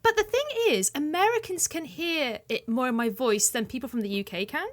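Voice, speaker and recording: Playful podcast co-host, a woman with a faint Welsh accent and a high voice. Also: expressive, a little fast. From Cardiff, Wales. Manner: chatty and playful. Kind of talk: casual podcast chat.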